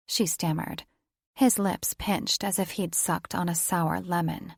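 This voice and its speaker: A woman reads a romance audiobook as scripted narration in a slightly low, gravelly voice edged with vocal fry. Her delivery stays measured and even, and the recording is close and dry with no room sound.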